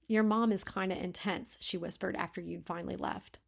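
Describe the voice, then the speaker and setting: A woman reading a manuscript aloud and critiquing it, thinking aloud with frequent self-corrections and sometimes dropping to a soft whisper. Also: medium pitch, steady tone, normal speed, vocal fry, few pauses. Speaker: beta reader.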